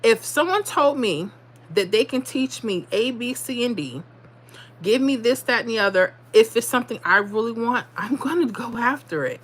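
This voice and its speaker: A woman with a slightly high voice and lively intonation speaks at a moderate pace, hosting a casual livestream. She talks directly to her viewers in a blunt, motivational style, repeating herself often and slipping into dialect.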